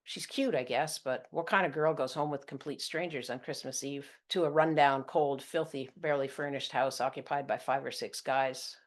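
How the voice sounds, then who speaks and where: A woman's voice: extremely low pitch, fairly even intonation, moderate pace, hardly any pauses. A woman reading her own first-person story aloud. Her narration is intimate and confessional, blunt about what happened.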